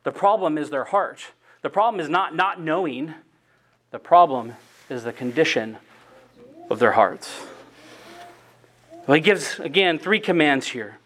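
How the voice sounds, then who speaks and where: A man's voice: fairly high pitch, animated, unhurried, long pauses, fairly bright tone. A man preaching an expository sermon, reading scripture aloud and stressing key phrases with earnest emphasis.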